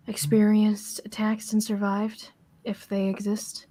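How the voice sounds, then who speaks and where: A woman's voice: mid-range voice, monotone, measured pace, few pauses, mellow. A woman player speaks in character at a tabletop game. Her manner is direct and businesslike.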